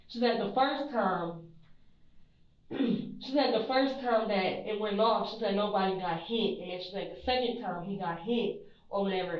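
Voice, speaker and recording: A young woman being questioned by police, rambling with lots of "you know" and "like" and trailing off quietly at the ends of her lines. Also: mid-range voice. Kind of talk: police interview recording. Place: police interview room. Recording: echoey distant muffled interview-room mic.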